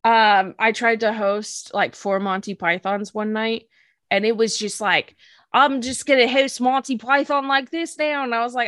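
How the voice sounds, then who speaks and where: A woman co-hosting a podcast, retelling a wild story with lively energy and acting out the characters' quotes. Her voice sits a little high and sounds dry and close. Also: moderate pace, dry recording. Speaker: podcast co-host. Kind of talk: casual podcast chat, recapping a story.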